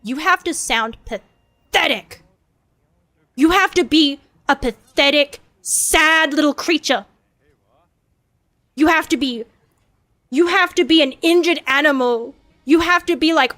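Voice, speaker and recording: A woman's voice: high voice, a little slow, pauses often, fairly bright tone. A woman streaming as a VTuber, chatting casually in a rambling, profane, self-mocking way.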